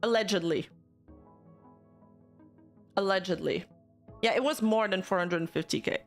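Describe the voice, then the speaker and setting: A woman's voice: mid-range voice, faint music behind. A woman VTuber streamer talking to her chat live, heated and swearing as she rants. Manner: heated, swearing, talks fast in bursts. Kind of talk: live stream commentary rant.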